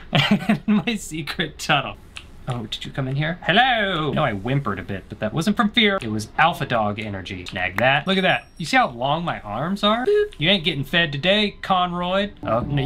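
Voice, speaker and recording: A man's voice: on the high side, sing-song, a little fast, a little hiss or hum. A young man commenting on a horror game as he plays, teasing the characters, joking and letting out panicked yelps. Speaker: gaming streamer. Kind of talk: let's-play commentary. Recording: loud game music behind.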